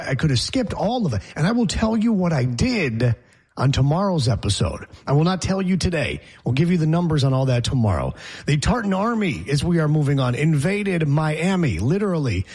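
A man's voice: a little high, sing-song, moderate pace, darkish tone, breathy edge. A man hosting a sports talk show, opinionated and rambling as he jokes through the banter.

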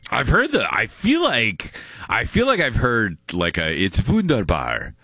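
Male radio host, low but lively voice, bright and dry, rambling and jokey. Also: unhurried, slightly rough, no echo. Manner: playful, rambling, laughs often. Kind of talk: casual call-in radio chat.

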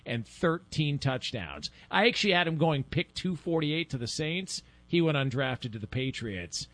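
A man's voice: a little high, sing-song, normal speed, fairly bright tone, dry recording. A man hosting a sports podcast in casual chat, laughing often. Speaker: podcast host.

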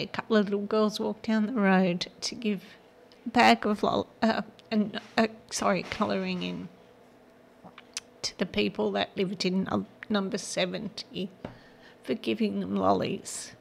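A woman's voice: medium pitch, steady tone, creaky, a little hiss or hum. An older woman hosting a gospel radio show, giving an earnest, emotional devotional talk. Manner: earnest, emotional, slow and heartfelt.

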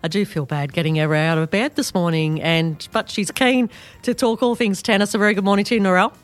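A woman's voice: mid-range voice, brisk, dry recording. A woman with an Australian accent hosting a community radio sports show, talking in a chatty way with frequent fillers and restarts.

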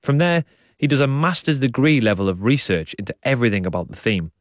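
A man presenting a radio documentary, narrating and describing what he sees in a calm, descriptive way. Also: medium pitch, dry recording. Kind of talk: documentary narration and on-site reporting.

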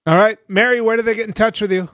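Radio host, chatty, bit higher voice, dull dry audio. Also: male voice, fairly even intonation, fast talker, a bit bright, no room sound. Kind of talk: casual radio chat.

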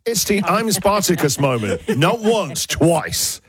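A man hosts a breakfast radio show and talks in a playful, excitable way. His voice is close and dry, with no room sound at all. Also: high voice, slow pace, husky, no echo. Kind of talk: casual radio chat.

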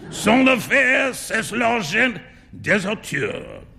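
A man reading aloud, voicing a boisterous, teasing upper-class gentleman who keeps laughing. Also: high voice, very animated, slow pace, vocal fry, slight background noise, pitched above the performer's own voice, exaggerated voice. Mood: amused. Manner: loud, jovial, teasing.

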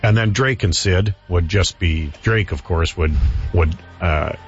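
A man hosting a casual hockey chat, chatty with quick affirmations and a husky voice. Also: deep voice, lo-fi sound, faint music behind.

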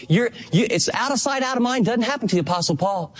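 Male pastor, higher-pitched voice, earnest and emphatic sermon delivery. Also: expressive, fairly quick, hardly any pauses. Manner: earnest, emphatic preaching with acted-out quotes.

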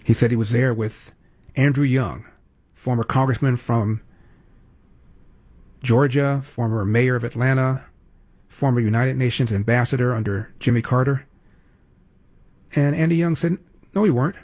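A man's voice: medium pitch, unhurried, pauses often, darkish tone, slightly rough. A man hosting talk radio, delivering sarcastic, emphatic commentary.

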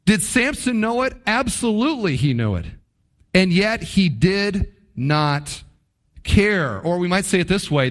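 A man preaching a sermon as a pastor, emphatic and animated, with dramatic pauses and acted-out quotes. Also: high-pitched.

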